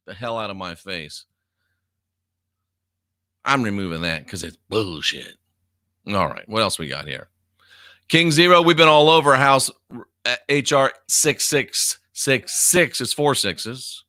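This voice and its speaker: A man's voice: mid-range voice, very animated, unhurried, sharp tone, no echo, studio quality. A man in his fifties hosting a live stream, reading viewer comments aloud in a blunt, profane, casual way and laughing often. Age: 50s.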